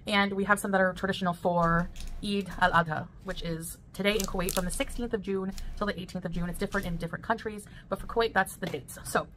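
Woman food vlogger, relaxed and chatty, takes her time between bites. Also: medium pitch, noisy background. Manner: chatty and relaxed, pauses to taste between remarks. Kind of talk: casual eating vlog, explaining dishes.

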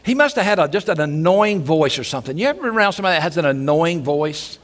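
A male pastor preaching a sermon in a church, animated and repeating his phrases, now and then acting out loud shouted quotes. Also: a little high, fast talker. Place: church sanctuary.

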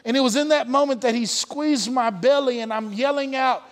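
A man's voice: extremely high pitch, normal speed, big-room sound. A man preaching a testimony sermon, telling his story earnestly with frequent filler sounds. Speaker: pastor. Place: church sanctuary.

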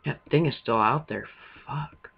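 Man gaming, husky voice, nervous profane play-by-play, dull lo-fi recording. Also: mid-range voice, measured pace. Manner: jumpy, swearing running commentary. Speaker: gamer. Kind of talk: let's-play commentary.

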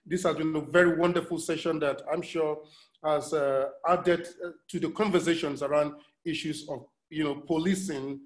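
A man's voice: fairly high pitch, steady tone, moderate pace. A man moderating an online conference panel over a video call, thanking speakers with many hesitant fillers. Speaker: session moderator.

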